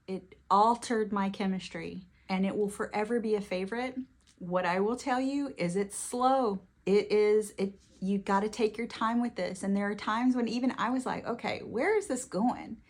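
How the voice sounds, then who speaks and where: Woman book vlogger, mid-pitch, effusive, quick bursts, tearful at times. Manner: gushing, emotional, quick bursts. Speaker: book reviewer. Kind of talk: casual book talk to camera.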